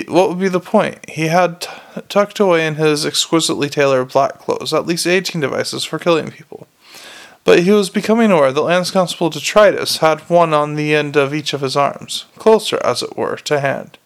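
A man's voice: a little high, gravelly. A man narrating a novel aloud in a plain, unpolished reading with frequent restarts. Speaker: audiobook reader.

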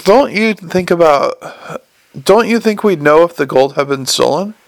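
A man voicing an excitable, fussy young male clerk in an audiobook, talking in a flustered, raised voice. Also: fairly high pitch, normal speed, dry recording.

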